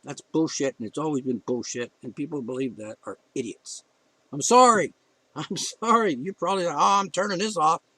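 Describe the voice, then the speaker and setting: A man's voice: mid-range voice, animated, moderate pace, fairly bright tone, husky, no echo, poor audio. A man ranting in a blunt, heated opinion monologue as a podcast host, cursing freely and getting emotional.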